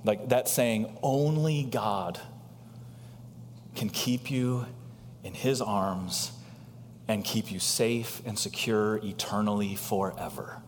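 Animated male preacher in a hall. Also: takes it slowly, a little hiss or hum. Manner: animated preaching with rhetorical questions and big swings in pitch. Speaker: pastor. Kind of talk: sermon.

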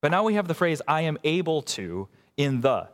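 A man preaching a sermon, swinging from emphatic raised lines to quiet, slow asides. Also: fairly high pitch, very animated, in a large hall. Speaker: pastor.

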